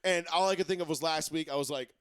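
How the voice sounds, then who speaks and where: Man, sports radio host, excitable, rambling, swears a lot, slightly high voice, dry sound. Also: fast talker, smooth, no room sound. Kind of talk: casual sports talk.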